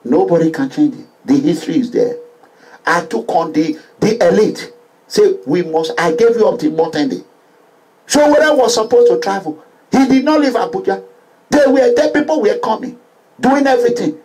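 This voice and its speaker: Impassioned Nigerian man with a lively pitch. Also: moderate pace, low-quality recording. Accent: Nigerian English with Pidgin. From Nigeria, Edo State. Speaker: political activist vlogger. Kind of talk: impassioned political monologue.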